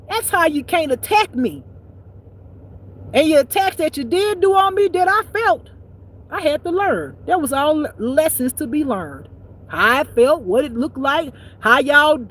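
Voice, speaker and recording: Woman ranting about spirit stuff, cussing a lot, preachy, goes loud then mutters low. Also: low-quality recording. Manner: blunt and preachy, swearing freely; swings between loud exclamations and low muttering. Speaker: spiritual life teacher. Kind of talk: profane spiritual rant monologue.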